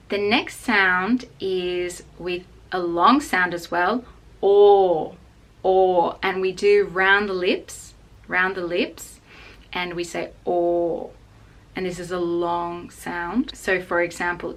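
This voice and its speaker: A woman with an Australian accent teaching English pronunciation, saying each example word slowly and repeating it. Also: fairly low pitch, fairly even intonation, sharp tone. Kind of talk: pronunciation lesson.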